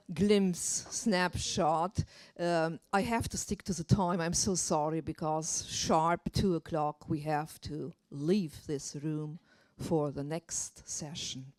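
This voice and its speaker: Woman chairing a session, slow and measured, apologetic about timing, dry sound. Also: on the low side, darkish tone, dry recording. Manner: hurried, apologetic about time. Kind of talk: introducing speakers.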